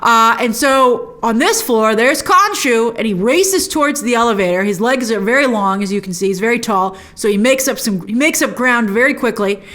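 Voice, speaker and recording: A woman host giving a chatty, animated recap of a TV episode, laughing often and acting out lines. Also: fairly high pitch, normal speed, hardly any pauses.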